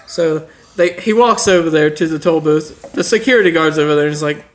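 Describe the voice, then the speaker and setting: A podcast co-host improvising a comic story, halting and full of fillers, often giggling. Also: mid-range voice.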